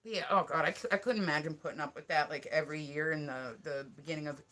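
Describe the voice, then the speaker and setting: Woman, 30s, livestreamer; bright, crisp tone, meandering and salty. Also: low-pitched, fast. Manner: rambling, profane, filler-heavy talk. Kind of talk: casual livestream chat.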